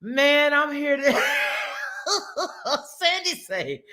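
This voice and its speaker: Woman host for casual live-stream talk: playful, exclaiming, very lively pitch. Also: drawn-out words, pauses often. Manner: laughs often, playful, exclaiming.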